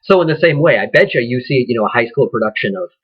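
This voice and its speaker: A man's voice: medium pitch, expressive, fast, husky. A man teaching an acting class in a casual, conversational way, thinking aloud and often restarting sentences. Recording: dull lo-fi recording.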